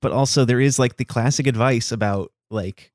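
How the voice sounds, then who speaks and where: A man's voice: mid-range voice, moderate pace, a little mellow, dry recording. A man who is a comedian guest on a podcast, chatting casually with dry, wry jokes. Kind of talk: casual chat.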